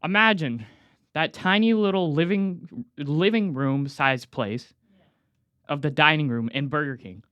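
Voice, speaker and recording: A teenage boy telling a casual personal story, acting out the dialogue with quick voice changes. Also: a little high, no room sound, highs cut off. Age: teens. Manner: animated, acts out dialogue with quick voice shifts. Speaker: student storyteller.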